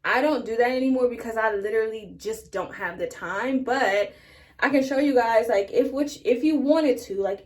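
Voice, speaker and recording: Woman vlogger, relaxed and chatty, talking to her viewers, a bit higher pitched. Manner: chatty, addresses viewers as you guys. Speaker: hair care vlogger. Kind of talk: casual tutorial talk to camera.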